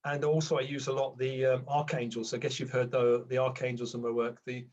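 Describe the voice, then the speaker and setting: A man's voice: mid-range voice, level tone, brisk, darkish tone, dull audio. Older man, reflective spiritual teacher. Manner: reflective, rambling with restarts, acts out inner voices. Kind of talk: conversational interview.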